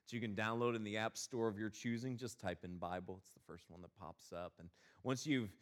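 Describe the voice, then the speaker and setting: A male pastor telling a funny personal story, then preaching a sermon with a lively, exasperated manner. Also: lowish voice, a little fast.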